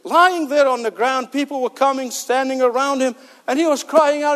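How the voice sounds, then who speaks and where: A man's voice: very high-pitched, a little fast, a bit bright. A male preacher giving an emphatic sermon with rhetorical questions and joking asides. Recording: long hall reverb.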